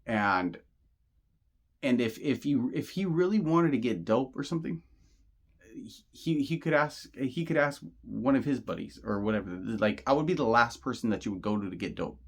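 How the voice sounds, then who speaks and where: A man's voice: mid-range voice, gravelly. A man telling a personal story in a casual monologue, rambling and repeating himself with plenty of slang, earnest and insistent. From Southern California. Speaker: channel host.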